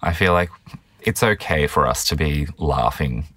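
A man's voice: very deep voice, a little slow, a bit bright, no room sound. A man co-hosting a podcast in casual chat, explaining his points at length in an earnest way. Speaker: podcast co-host.

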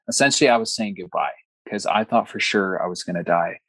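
A young man, a guest in an interview, telling a personal story with earnest, animated delivery and quoted dialogue. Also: low voice, a little fast, husky, no echo.

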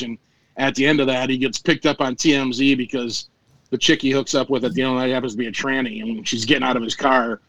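A man's voice: mid-range voice, fairly bright tone, no echo, dull audio. A man hosting a podcast over a remote call, recapping a movie in a rambling, laid-back way with crude jokes and many fillers. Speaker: podcast host.

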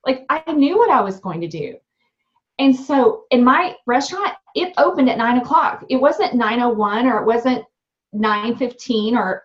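A young woman, a restaurant owner and new mom, telling her story in an interview in a candid, animated way with many fillers. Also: on the high side, normal speed. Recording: dull lo-fi sound.

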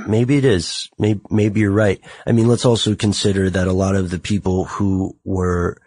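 American male podcast host, very low husky voice, thoughtful, self-mocking. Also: flat delivery, unhurried, darkish tone, no echo. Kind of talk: podcast conversation.

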